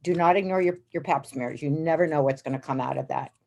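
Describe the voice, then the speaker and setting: A woman guest in an interview, telling her story in a lively, animated way and acting out the quotes with big jumps in pitch. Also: quick pace, gravelly.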